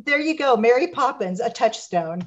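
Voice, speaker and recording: A woman guest in a casual interview, telling stories with lively acted-out quotes and frequent restarts. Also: mid-range voice. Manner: animated storyteller, acts out quotes.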